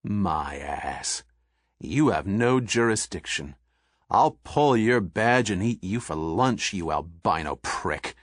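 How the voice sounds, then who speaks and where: A man voicing an angry, blustering rich man who snarls threats and insults in a low, gruff voice. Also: animated, slow pace, no echo, clean studio sound, exaggerated voice.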